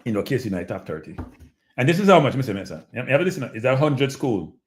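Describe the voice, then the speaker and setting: A man's voice: medium pitch, fast. Jamaican man talking straight to his audience. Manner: animated, repetitive, addresses audience as people. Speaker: show host. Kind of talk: casual live-stream commentary.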